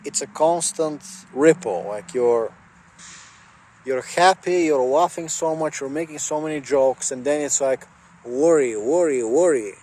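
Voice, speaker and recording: A man's voice: fairly high pitch, unhurried, mellow. A man chatting casually and rambling with lots of fillers, recorded on a phone outdoors beside a car. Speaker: vlogger. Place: outdoors by a car, jump-starting it.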